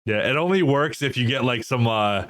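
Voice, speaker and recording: Relaxed young male co-host, easygoing and profane, smooth clear tone. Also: mid-range voice, normal speed. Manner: laughs often, loose and profane. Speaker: podcast co-host. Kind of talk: casual chat.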